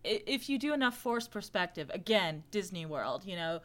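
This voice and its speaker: A woman's voice: mid-range voice, very animated, normal speed, a bit bright. A woman co-hosting a podcast in casual chat, giving rambling explanations full of "like" and "I think". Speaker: podcast co-host.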